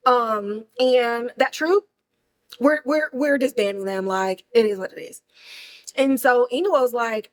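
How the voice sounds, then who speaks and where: A woman hosting a podcast, recapping a film in animated, slangy, casual chat. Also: sits high, measured pace, low-quality recording. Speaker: podcast host reviewing a film.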